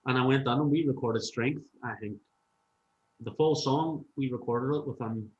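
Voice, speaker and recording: A musician guest on a podcast chats casually and tells animated stories, swearing freely. His voice is medium-pitched at normal speed, recorded in a roomy, dull-sounding room.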